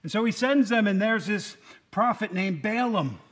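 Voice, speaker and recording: Guy preaching, pretty high voice, jokey and chatty, keeps asking the room stuff. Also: expressive, normal speed, a bit bright. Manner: chatty, joking, asks the room questions. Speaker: lay preacher. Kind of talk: casual sermon.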